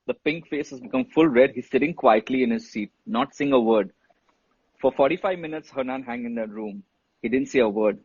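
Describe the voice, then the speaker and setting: Man, husky voice, dry muffled sound, lively casual storyteller. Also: medium pitch, brisk, no room sound. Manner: animated, swears freely, says bro and dude. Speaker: guest telling a story. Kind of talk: casual storytelling on a live stream.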